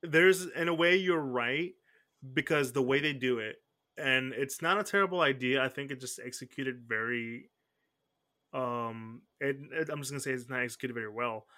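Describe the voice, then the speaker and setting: A man's voice: medium pitch, moderate pace, pushed and bright. A man hosting a podcast, chatting casually and often restarting his sentences. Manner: rambling, self-correcting, frequent restarts. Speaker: podcast host. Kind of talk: casual chat.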